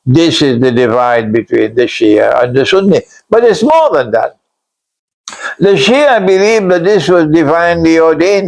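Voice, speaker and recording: A man delivers a religious lecture at a deliberate, unhurried pace, his slightly raised voice edged with gravel. He speaks bluntly, repeats key phrases for weight and now and then climbs to a shout. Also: a little high, low-quality recording. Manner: blunt, admits harsh language. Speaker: Islamic scholar lecturing.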